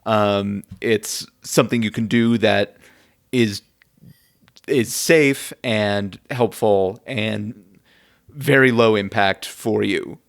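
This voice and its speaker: A man's voice: fairly low pitch, slow, vocal fry. A man hosting a podcast in casual chat, hesitant and full of filler sounds, chuckling often. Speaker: podcast host.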